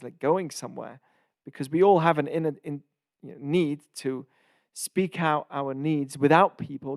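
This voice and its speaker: A man hosting and teaching a casual Torah lesson, explaining in short phrases with pauses and glossing Hebrew terms as he goes. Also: a little high, creaky, a little mellow, no room sound, studio quality.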